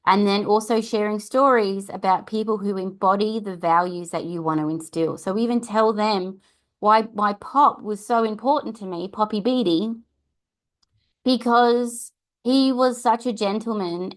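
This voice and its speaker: A woman's voice: mid-range voice, fairly even intonation, a little slow. A middle-aged Australian woman hosting a parenting talk, chatty and earnest, often adding tag questions. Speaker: podcast host and parenting coach. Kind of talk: casual advice talk.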